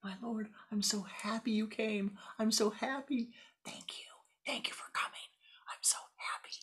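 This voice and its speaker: A woman's voice: on the high side, steady tone, unhurried, a bit bright, husky, voice pushed up. A woman voicing an emotional female devotee who speaks to her Lord in a whisper. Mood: joyful. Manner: whispered, breathless.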